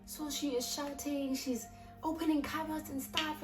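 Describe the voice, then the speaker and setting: A young South African woman telling a personal story in a chatty, animated way, often restarting her sentences. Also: high-pitched, a little slow. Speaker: YouTuber. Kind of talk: casual storytelling. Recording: distant mic with loud background music.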